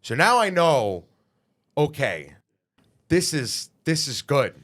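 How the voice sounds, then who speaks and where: A man, a singer being interviewed, telling his story in a lively way, swearing freely and acting out what people said. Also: fairly high pitch, takes it slowly. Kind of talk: animated storytelling.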